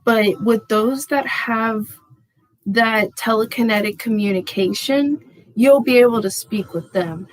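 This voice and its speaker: With a fairly high voice and a slightly slow pace, a woman reads tarot for her audience on a low-quality, echo-free recording. Her channeled reading is effusive and full of "y'all" and "freaking," and her excitement spikes whenever she turns over a card.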